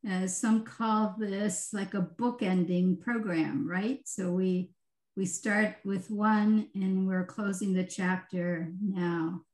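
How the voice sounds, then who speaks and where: Woman, retreat facilitator, gentle checking-in manner, video call, echoey room. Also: mid-range voice, steady tone. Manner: gentle, unhurried instructions with tag questions. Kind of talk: guiding a virtual group session.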